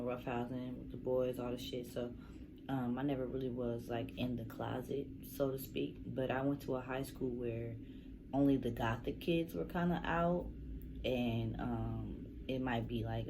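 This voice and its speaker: Very deep-voiced woman telling a casual story. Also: background noise. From Northern California. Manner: laid-back, profane, rambling with fillers. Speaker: vlogger.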